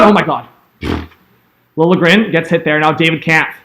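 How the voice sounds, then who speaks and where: A young man calling a hockey game as an excitable fan streamer, yelling at big plays and chatting with viewers. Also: a little high, normal speed, long pauses. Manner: yells and laughs at big plays, chats with viewers. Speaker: fan streamer doing live play-by-play. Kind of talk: excitable fan play-by-play commentary.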